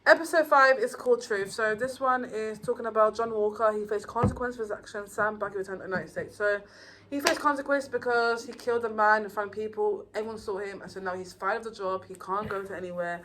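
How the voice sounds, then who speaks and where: A woman casually reviewing TV episodes, rambling and excitable with many fillers and restarts. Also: medium pitch, fast, a little hiss or hum, poor audio. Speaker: YouTuber reviewing TV shows.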